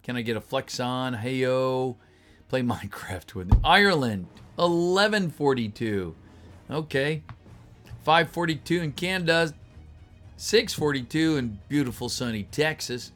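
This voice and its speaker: A man's voice: medium pitch, expressive, measured pace, a bit bright, soft background music. A man chatting casually with his livestream viewers, reading their messages aloud and greeting them, his voice a little tired. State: voice getting tired. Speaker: voice actor reading a script on a livestream.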